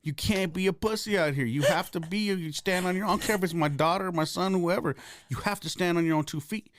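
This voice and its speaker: A man in his forties, a comedian guest in casual podcast chat, swearing freely and acting out scenes in loud bursts. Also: high voice, a little fast, no echo, clean studio sound. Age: 40s. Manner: profane, animated, acts out characters in loud bursts. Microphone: studio mic.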